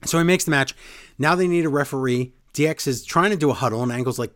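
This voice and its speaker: A man's voice: medium pitch, fast talker, a bit bright. A man co-hosting a casual chat, retelling a show in detail and briefly mimicking the people he quotes. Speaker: podcast co-host recapping wrestling.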